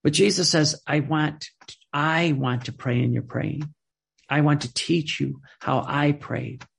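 A man's voice: fairly high pitch, vocal fry, slightly rough. A man preaching a sermon with a pleading, repetitive cadence and frequent restarts.

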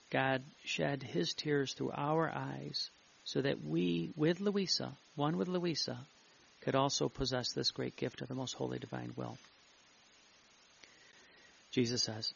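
A male preacher giving a fervent devotional sermon, reading passages aloud and repeating himself, with a gravelly voice. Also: medium pitch, unhurried, pauses often, fairly bright tone. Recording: muffled lo-fi recording.

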